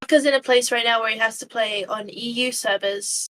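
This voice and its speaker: A woman's voice: a little high, steady tone, a little fast, pushed and bright. Woman chiming in on a podcast chat. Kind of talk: casual chat.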